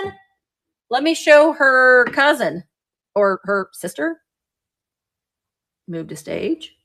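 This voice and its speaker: A woman's voice: on the high side, sing-song, drawn-out words, vocal fry, long pauses, a bit bright. A woman hosting a live vintage sale stream, talking chattily and describing each item as she handles it. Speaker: host selling vintage items live.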